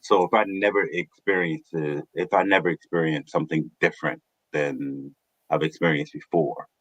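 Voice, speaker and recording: Low-voiced man speaking deliberately. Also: steady tone, fairly bright tone, no room sound. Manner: deliberate, searching for words. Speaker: podcast panelist. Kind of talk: casual discussion.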